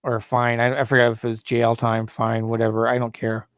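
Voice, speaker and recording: A man's voice: mid-range voice, monotone, fairly quick, dry recording, clean studio sound. A man hosting a solo talk show, rambling and indignant, with many fillers and restarts, who mocks opposing views in a raised, sneering voice.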